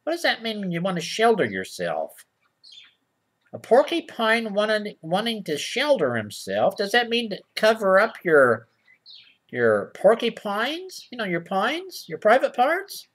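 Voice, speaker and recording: A man sends up a children's show with a sarcastic, falsely innocent reading of old rhymes, asking the boys and girls questions as he goes. His voice is high-pitched and a bit bright with a breathy edge and huge pitch swings, and he drawls the quoted lines in slow, exaggerated fashion.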